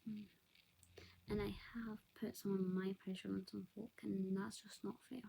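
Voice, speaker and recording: Woman vlogger, confessional, half-whispered, gravelly and breathy. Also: mid-range voice, flat delivery, normal speed, rough recording. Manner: soft, often whispered, hesitant. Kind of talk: confessional monologue to camera.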